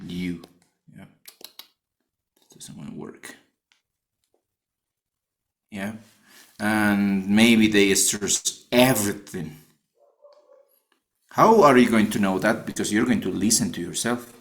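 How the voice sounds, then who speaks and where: A man's voice: on the low side, slow, long pauses, fairly bright tone. A man with a Spanish accent teaching a phonetics class, explaining an assignment and often rephrasing as he goes. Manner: repeats and rephrases himself while explaining.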